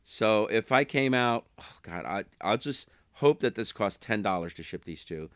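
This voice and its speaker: Chatty man with a smooth, dry voice. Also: on the low side, lively intonation, moderate pace, fairly bright tone, no echo. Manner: chatty, rambling, self-correcting, chuckles. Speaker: eBay reseller vlogger. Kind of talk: casual talk to camera.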